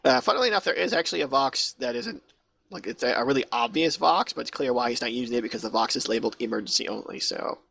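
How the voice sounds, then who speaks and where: A man's voice: mid-range voice, expressive, quick pace, gravelly, pushed and bright, slightly rough, dry recording. A man narrating as game master over voice chat, in a loose, chatty way with many fillers. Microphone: online voice chat mic.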